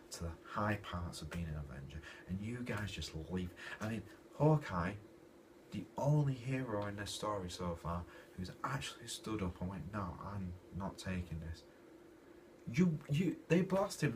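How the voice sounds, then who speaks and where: A deep-voiced man rants through a comic review in an animated, exasperated way. He sits back from the mic, and a clear hiss of noise runs under his voice. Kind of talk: casual comic review rant. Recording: distant mic with noisy background.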